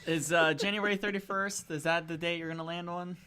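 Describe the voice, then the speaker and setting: A man's voice: a little high, fairly even intonation, fairly quick, bright, forceful tone, clear, resonant tone. A man co-hosting a casual podcast, wry and swearing for emphasis. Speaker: podcast co-host.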